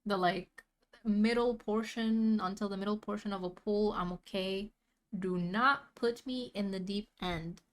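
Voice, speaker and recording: A woman's voice: mid-range voice, unhurried. Slangy, laughing young woman streamer. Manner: laughs often, slangy and rambling. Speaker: vtuber reacting to a video. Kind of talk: casual reaction chat.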